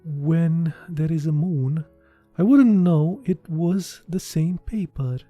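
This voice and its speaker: Dark-voiced Romanian man reading slowly. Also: a little high, dry recording, faint music behind. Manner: slow, deliberate reading that breaks off into laughing chat. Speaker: reader of a short story. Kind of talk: unpolished reading aloud with chatty asides.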